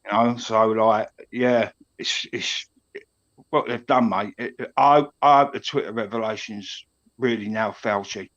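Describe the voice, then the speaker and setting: A man's voice: fairly low pitch, unhurried, a bit bright, lo-fi sound. A middle-aged man from East London with a Cockney accent, rambling with many restarts as a caller on a stream. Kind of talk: casual chat.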